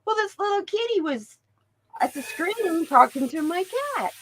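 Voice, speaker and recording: Animated older woman telling stories. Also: very high voice, moderate pace, a little hiss or hum, rough recording. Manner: animated storyteller, acts out voices in her anecdotes. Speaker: tarot reader hosting a live stream. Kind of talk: casual chat.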